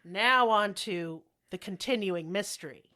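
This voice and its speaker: A woman in her thirties co-hosting a casual comedic podcast, teasing and laughing often as she talks. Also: medium pitch. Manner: loud laughing, playful, quick to tease. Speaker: podcast co-host.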